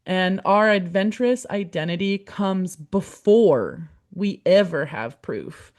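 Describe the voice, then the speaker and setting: Female podcast host, young adult, lowish voice, earnest and encouraging delivery. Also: lively intonation, slow, darkish tone. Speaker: podcast host, community manager. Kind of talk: heartfelt podcast monologue.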